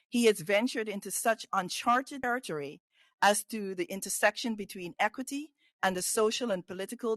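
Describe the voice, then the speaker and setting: A woman's voice: mid-range voice, a bit bright, dry recording. A woman reading a formal introduction of a speaker, with a few small slips as she reads.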